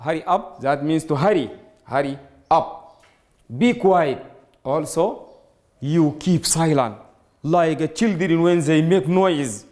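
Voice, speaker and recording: A man teaching an English grammar lesson to students, explaining slowly and repeating words, with Arabic as his first language. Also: fairly high pitch, darkish tone. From Sudan. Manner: slow, repetitive explaining, addresses students directly.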